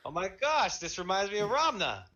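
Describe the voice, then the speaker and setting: A man's voice: sits high, big pitch swings, normal speed, sharp tone, highs cut off. A man co-hosting a casual podcast, joking around and swearing a little. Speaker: podcast co-host. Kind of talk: casual chat.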